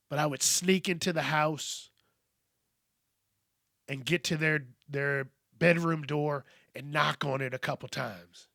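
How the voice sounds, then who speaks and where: A man in his thirties talks slowly and reflectively, with casual profanity and many pauses where his voice drops away. His voice sits a little higher than most men's. The recording is close and dry, with no room sound. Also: creaky, no echo. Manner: candid, profane, pauses often and trails off softly. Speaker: podcast host. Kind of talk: slow reflective monologue.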